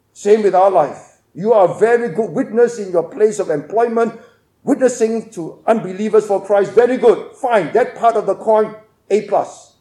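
High-voiced man preaching in an echoey room. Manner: emphatic, varies between loud and hushed. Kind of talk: expository sermon.

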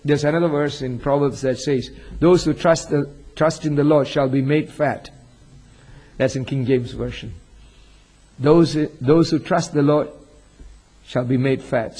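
Male pastor, husky and somewhat high, slow deliberate preaching. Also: mellow, poor audio. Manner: reads scripture aloud, asks the congregation questions. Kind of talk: sermon.

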